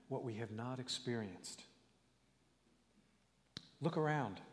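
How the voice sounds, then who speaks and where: A male preacher giving a sermon in a church, telling stories in an earnest, measured way and building to rising calls to his listeners. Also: mid-range voice, animated, in a large hall.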